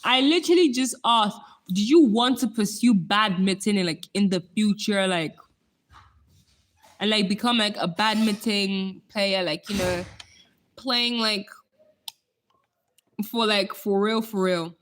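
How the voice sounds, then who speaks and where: A woman's voice: mid-range voice, measured pace, long pauses. A young woman hosting a casual live stream, chatting with viewers and laughing often. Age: young adult.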